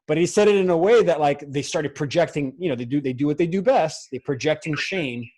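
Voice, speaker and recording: A man's voice: fairly high pitch, a little fast, a little mellow, low-quality recording. A man talking in a casual conversation as a guest, rambling with frequent restarts and fillers. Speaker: podcast guest, film co-founder.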